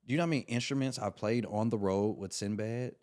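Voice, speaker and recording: Lowish-voiced comedian telling a story. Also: male voice, fast. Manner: animated, slangy, acts out quotes. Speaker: podcast guest, comedian. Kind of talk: casual storytelling chat.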